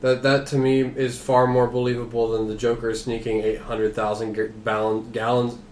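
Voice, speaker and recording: A man's voice: mid-range voice, level tone, moderate pace, a little mellow, slight background noise. A man co-hosting a casual podcast chat, talking animatedly, swearing freely and laughing between words. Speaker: podcast co-host. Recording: roomy echo.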